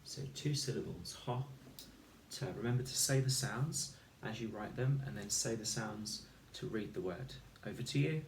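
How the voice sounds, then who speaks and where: A man teaching a recorded phonics lesson for children, speaking slowly and clearly and sounding out each letter and word. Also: on the low side, lively intonation, slight background noise. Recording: echoey room, voice a little far from the mic.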